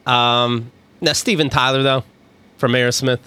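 A man's voice: medium pitch, steady tone, measured pace, sharp tone, clean tone. A man co-hosting a casual chat, joking and swearing in mock outrage. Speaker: podcast co-host.

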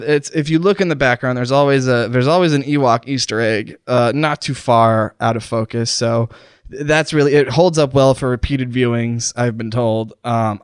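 Smooth-voiced man in a comic mock-dying monologue. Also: mid-range voice, fairly even intonation, normal speed, no echo, studio quality. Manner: mock-dying, pained and strained, breaking off mid-sentence. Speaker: podcast host. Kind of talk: comedic improvised monologue. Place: recording studio. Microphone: studio microphone.

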